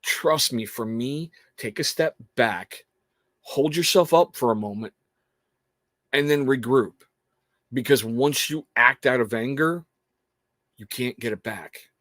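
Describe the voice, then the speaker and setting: A man's voice: mid-range voice, slow, pauses often, a bit bright, no echo. A man chatting on his own livestream in a loose, earnest ramble, often stopping and starting his sentences. His voice sits in a middle range, and the sound is dry and close, with almost no room around it. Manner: rambling, self-interrupting, earnest. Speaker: livestream host. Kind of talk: casual livestream chat.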